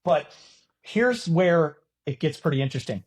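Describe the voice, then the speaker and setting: A middle-aged man from California on a podcast, telling a story in casual chat and getting loud at the punchlines. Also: on the high side, animated, normal speed. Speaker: podcast co-host.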